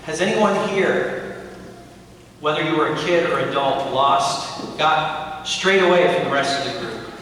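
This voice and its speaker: A man's voice: a little high, a little slow, fairly bright tone, slight background noise. A young man preaching a sermon as pastor, telling stories with playful asides to the congregation. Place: church sanctuary. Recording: echoey church from far off.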